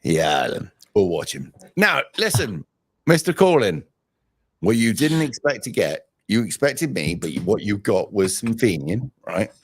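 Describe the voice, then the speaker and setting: Animated low-voiced male stream host. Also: unhurried, husky, no room sound. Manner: animated, interrupting, teasing. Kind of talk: casual call-in chat.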